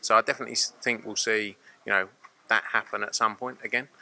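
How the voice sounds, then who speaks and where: Fast, bright-voiced man. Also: fairly low pitch, vocal fry. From Romford, England. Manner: animated, rambling storyteller. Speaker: boxing promoter. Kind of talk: casual interview chat.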